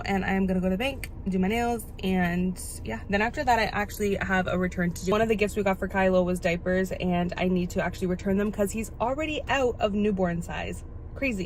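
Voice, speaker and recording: A woman's voice: medium pitch, slight background noise. A young woman vlogging into her phone, rambling casually with lots of "like" as she runs errands and talks at home. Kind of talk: casual vlog chat to camera. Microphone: phone held at arm's length.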